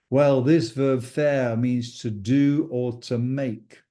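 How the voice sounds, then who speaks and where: A man teaching French in an unhurried, mellow voice. He drills each verb form patiently and repeats it, speaking slowly enough for learners to follow. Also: mid-range voice, fairly even intonation. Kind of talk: recorded language lesson.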